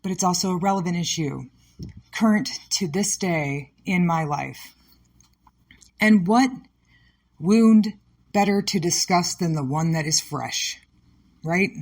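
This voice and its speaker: Woman, podcast host, emotional, rambling, sarcastic edge, lower pitch. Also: slow, pauses often, darkish tone. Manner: emotional and scattered, sarcastic at times. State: upset. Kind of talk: candid personal monologue.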